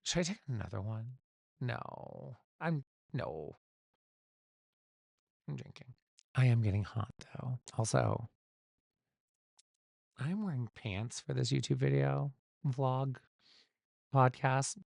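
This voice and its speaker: A man's voice: mid-range voice, takes it slowly, creaky, long pauses, a little mellow, no room sound, clean studio sound. A man hosting his own solo podcast, chatting without a script in a rambling, candid way and swearing casually, recorded at home. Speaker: podcast host. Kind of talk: unscripted solo podcast chat.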